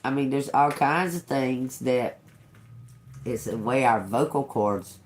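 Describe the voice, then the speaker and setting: A woman's voice: a bass voice, slow, a little mellow, a little hiss or hum. A woman tarot reader in casual spiritual talk to her viewers, rambling and restarting, swearing freely and laughing often.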